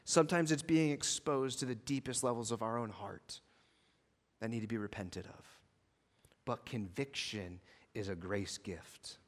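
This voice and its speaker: A man preaching a sermon as pastor, swinging from hushed reflection to intense, fervent passion. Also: mid-range voice, a little slow, big-room sound. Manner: impassioned, rising to intense fervor.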